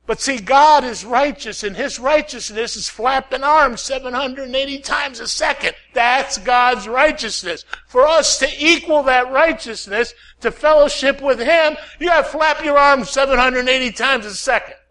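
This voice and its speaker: A man preaching a sermon, swinging from loud calls to hushed prayer, repeating lines and asking "Amen?". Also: very high-pitched, moderate pace, hardly any pauses.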